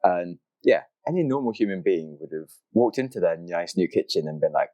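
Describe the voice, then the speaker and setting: Low, mellow man telling a story. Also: brisk, no room sound, low-quality recording. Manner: animated, acts out quoted reactions. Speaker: podcast host. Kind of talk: storytelling intro, casual.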